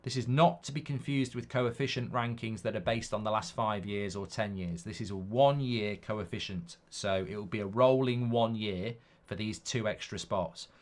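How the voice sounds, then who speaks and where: Speaking at a normal speed in a fairly low voice, this man hosts a live football watchalong, chatting casually and reading out what viewers write. He's animated and rambling, swearing freely and spinning silly hypotheticals.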